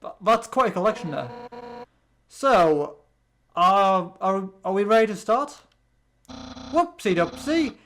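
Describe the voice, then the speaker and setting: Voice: mid-range voice, expressive, measured pace, long pauses, a bit bright, a little hiss or hum. A British let's play host giving casual gameplay commentary, rambling with many restarts.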